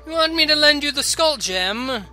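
A man's voice: very high-pitched, animated, moderate pace, pushed and bright, faint music behind, voice pushed up, exaggerated voice. A man voicing a pompous, vain male nobleman in a game, speaking in a grand, theatrical way. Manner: grand, theatrical and self-important.

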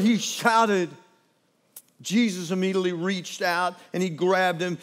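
A man preaching a sermon as pastor, retelling scripture with animated, dramatic storytelling that swings between hushed and loud. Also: high-pitched, moderate pace, big-room sound.

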